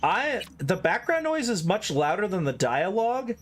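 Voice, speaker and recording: A man's voice: sits high, very animated, normal speed, background noise. A man from the American South giving casual, chatty commentary on his own gameplay and talking straight to his viewers. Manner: chatty, talks straight to chat. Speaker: streamer.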